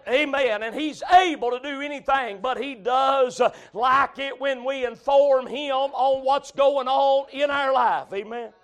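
High-voiced preacher shouting a sermon. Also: male voice. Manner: shouts and cries out at peaks, drops to a murmured "amen". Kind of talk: revival sermon. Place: church.

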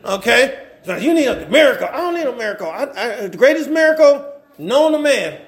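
Male preacher, high voice with a gravelly edge, stumbling restarts, call-and-response sermon. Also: sing-song, fairly quick.

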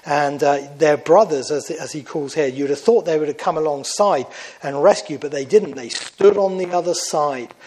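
Male preacher, earnest and conversational, slightly high voice, shifts volume for emphasis. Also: normal speed, darkish tone, breathy edge, rough recording. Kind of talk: sermon.

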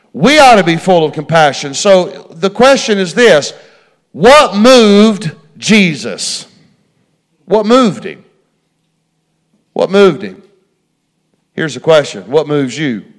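A man's voice: fairly high pitch, very animated, measured pace, long pauses. A middle-aged man preaching a folksy sermon, repeating phrases and talking straight to his congregation. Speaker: pastor.

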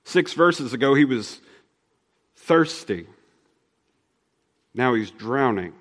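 A man preaching a sermon as pastor, earnest, sometimes slowing down and dropping his voice soft to press a point. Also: mid-range voice, lively intonation, big-room sound. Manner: earnest, shifts between fast and slow, drops soft for emphasis.

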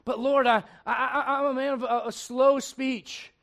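A man's voice: high voice, lively intonation. A man doing a timid stammering pleader. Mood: pleading. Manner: stammering, hesitant, slow.

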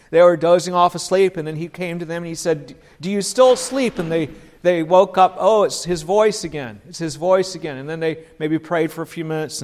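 Male preacher, high voice, earnest sermon, acts out quotes, dips low and soft.

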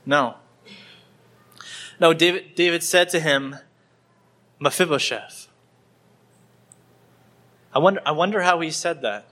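A man's voice: on the high side, normal speed, pauses often, fairly bright tone. A man preaching a sermon in church, acting out the scenes with small changes of voice and often repeating words as he goes. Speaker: pastor.

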